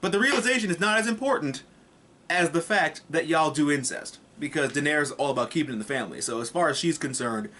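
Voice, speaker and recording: A man's voice: on the high side, expressive, fast talker, sharp tone. A man casually reviewing a TV episode in a vlog, rambling, swearing and tossing in jokes. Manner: rambling and profane, with joking asides.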